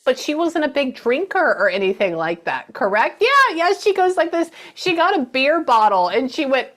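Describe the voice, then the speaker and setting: A woman's voice: sits high, big pitch swings, moderate pace, fairly bright tone. A middle-aged woman giving a psychic reading, chatting away and acting out the messages she passes on. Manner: chatty, relays messages with quoted voices.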